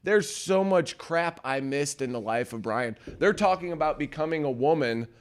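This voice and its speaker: A young man co-hosting a morning talk show, telling stories with animated quoted voices in casual chat. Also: moderate pace, clear, resonant tone. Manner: animated storyteller, acts out quotes in loud high voices.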